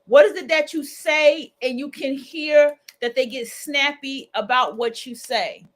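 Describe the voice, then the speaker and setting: Woman livestream host, aave, chatty and animated, slightly high voice. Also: a little slow. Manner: colloquial, animated, acts out quoted voices. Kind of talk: casual freestyle monologue.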